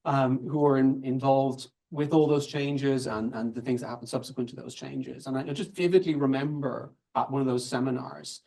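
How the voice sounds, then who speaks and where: A man's voice: medium pitch, fairly even intonation, moderate pace, gravelly, hardly any pauses, warm tone. A man giving an academic seminar talk in a conversational way, thinking aloud and restarting phrases as he goes. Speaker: invited academic speaker. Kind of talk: academic lecture, loosely following slides.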